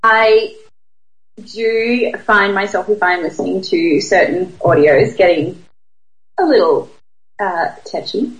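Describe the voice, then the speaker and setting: A woman's voice: medium pitch, slow, lo-fi sound. A young Australian woman co-hosting a podcast from home, talking in a laid-back, giggly, joking way. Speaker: podcast co-host. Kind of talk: casual chat. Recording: roomy echo.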